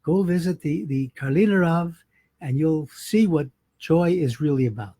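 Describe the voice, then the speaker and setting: A man voicing a poor but cheerful Hasidic man who speaks warmly. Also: fairly high pitch, a little slow, dry recording. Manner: warm, cheerful.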